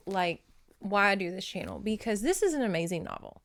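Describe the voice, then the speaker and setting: A woman's voice: medium pitch, a little fast, no room sound. Chatty Louisiana Southern woman host. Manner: rambling, excitable, laughs often, talks straight to viewers. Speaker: book review channel host. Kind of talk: casual chatty monologue to camera.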